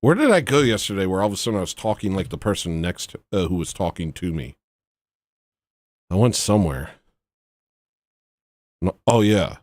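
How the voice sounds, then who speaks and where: Animated man ranting jokingly. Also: low voice, moderate pace, long pauses, no echo, studio quality. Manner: joking, rambling, animated, self-mocking. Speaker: livestream host. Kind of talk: comedic livestream rant.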